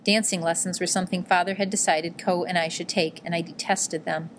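An audiobook narrator, a woman with a fairly low voice, reads from a memoir-style novel in calm, measured tones. She keeps her delivery gentle and even, with a faint hiss beneath her voice.

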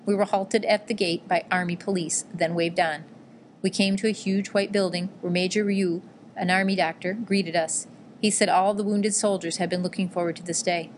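A woman with a fairly low voice reads a memoir-style novel aloud in calm, measured narration. Her delivery stays gentle and even, and a faint hiss of noise sits beneath her voice. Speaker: audiobook narrator.

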